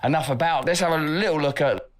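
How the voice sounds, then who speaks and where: A man giving online commentary in a measured, thinking-aloud way. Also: a little high.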